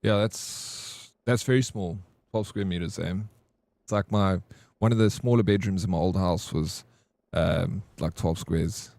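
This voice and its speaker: A man's voice: low-pitched, a little slow, creaky, a little mellow, no room sound. A South African man chatting casually with his viewers during a live game stream, reading and answering their comments. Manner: chatty, laid-back, reads and answers chat.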